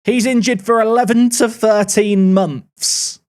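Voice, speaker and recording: A man's voice: high voice, steady tone, measured pace, a little mellow. A man giving casual, wry running commentary while playing a management game, thinking aloud as he goes. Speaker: gaming YouTuber.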